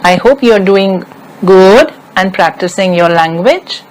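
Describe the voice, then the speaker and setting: A woman's voice: medium pitch, expressive, unhurried, a little mellow, rough recording. A woman hosting a French grammar lesson, explaining patiently and repeating each example sentence. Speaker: French teacher.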